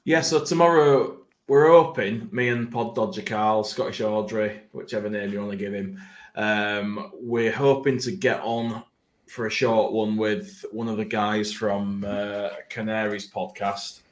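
A man's voice: fairly low pitch, steady tone, unhurried, echoey room. A man hosting a casual podcast chat, rambling and self-mocking, easily breaking into laughter. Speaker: podcast host.

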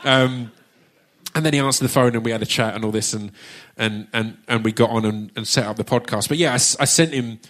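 A man's voice: medium pitch, brisk, a bit bright. A man with an Essex accent hosting a live audience Q&A on stage, chatting casually, joking, swearing and restarting his sentences. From Essex, England. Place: theatre stage at a live book launch.

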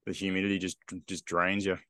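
Male co-host, very low, forceful, dry sound. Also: little pitch movement, brisk, clear, resonant tone, no echo. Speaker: podcast co-host. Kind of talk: casual chat.

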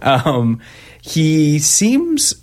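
A man's voice: fairly high pitch, huge pitch swings, very slow, a little mellow. A man co-hosting a casual movie podcast, wry and sarcastic, often laughing as he talks. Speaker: podcast co-host. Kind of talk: casual movie review chat.

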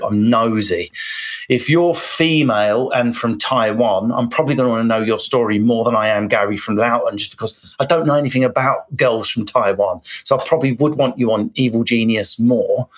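A middle-aged man, a comedian giving candid interview answers in wry, rambling anecdotes with self-mocking asides. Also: mid-range voice. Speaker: comedian guest.

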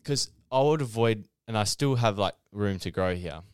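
A young adult man co-hosts a podcast and explains his ideas with earnest conviction. His voice sits low and smooth, recorded close and dry. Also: expressive, dry recording. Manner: earnest, explanatory, fast in bursts. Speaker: podcast co-host. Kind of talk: casual podcast chat.

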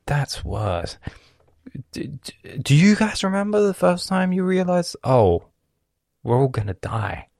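A man from Lebanon delivering a profane comedic rant, swearing constantly and swinging from loud outbursts to hissed whispers. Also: high voice, very animated, a little slow, creaky, no room sound, clean studio sound.

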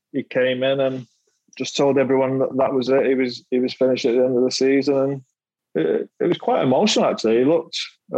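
A middle-aged man tells stories from his playing days in easy podcast chat. He chuckles through his lines, repeats words as he goes and swears now and then. His voice sits at a middle pitch, recorded dry and close. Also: a little mellow, dry recording, dull audio. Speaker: podcast guest, former footballer. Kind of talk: casual storytelling chat.

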